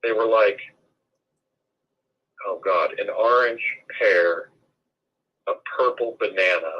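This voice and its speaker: Brief: man in his 60s, interview guest, husky, rather low voice, digressive storyteller, over a dull lo-fi line. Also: slow pace. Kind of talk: long-form interview storytelling.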